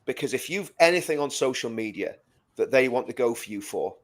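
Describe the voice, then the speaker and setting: A man's voice: medium pitch, animated, fairly quick. A man co-hosting a live stream, talking emphatically and repeating words as he builds his point. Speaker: co-host. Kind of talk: casual live-stream chat.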